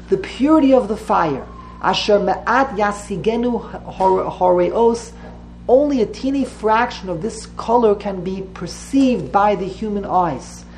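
A woman leads a classroom text study in an ordinary middle-pitched voice. She explains step by step, repeating words and correcting herself as she goes. Faint background noise sits under her voice. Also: a little mellow, poor audio. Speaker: religious text teacher. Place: classroom with students.

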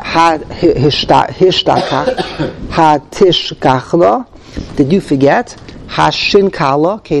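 A man with a gravelly, slightly high voice leads a text study class. He reads Hebrew phrases aloud, then translates and explains them, openly thinking out loud as he goes. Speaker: Torah class teacher.

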